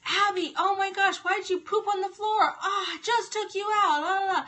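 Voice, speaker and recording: A woman's voice: very high-pitched, steady tone, moderate pace, bright, forceful tone, pitched above the performer's own voice. A woman imitating her young son as he pretends to scold the dog, in playful mock outrage.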